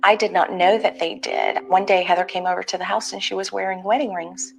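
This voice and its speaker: A woman's voice: mid-range voice, steady tone, brisk, gravelly, faint music behind, rough recording. A woman recalling family events in a documentary interview, reflective and sometimes acting out what was said.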